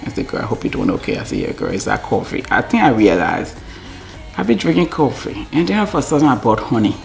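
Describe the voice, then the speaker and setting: Middle-aged Liberian woman vlogger, deep and gravelly, lively pitch, casual and rambling. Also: fast talker, soft background music. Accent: Liberian English. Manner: rambling, talks to herself, drops to near-whispers. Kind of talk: casual talk to camera.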